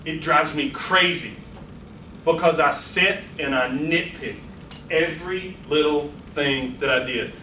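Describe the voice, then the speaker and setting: A man giving a lively, playful public speaking workshop to a small audience in a meeting room, speaking straight to them. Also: a little high, a little slow, a little hiss or hum. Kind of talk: live workshop lecture. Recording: echoey room, voice from a distance.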